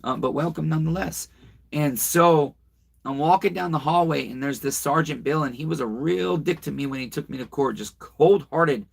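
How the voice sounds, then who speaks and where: Speaking at a moderate pace in a slightly high, creaky, somewhat rough voice, this livestream host chats casually with his audience. He reads comments and spins a rambling, profanity-laced story, addressing viewers directly.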